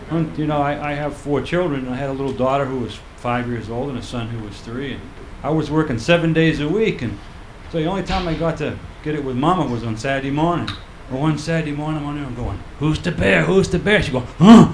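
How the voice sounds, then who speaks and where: An older man works through a stand-up set in a comedy club, his voice a touch high and his delivery deadpan. He acts out little quoted bits along the way. The live room echoes around him, with a faint murmur in the background. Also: fast talker, a little hiss or hum. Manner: deadpan storytelling with acted-out quotes. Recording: roomy live club recording.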